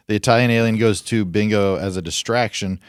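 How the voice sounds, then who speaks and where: A man co-hosting a podcast, reading listener suggestions haltingly and chuckling at the jokes. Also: fairly low pitch, fairly even intonation, clear, resonant tone, no room sound, studio quality. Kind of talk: casual chat, reading emails aloud. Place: podcast studio.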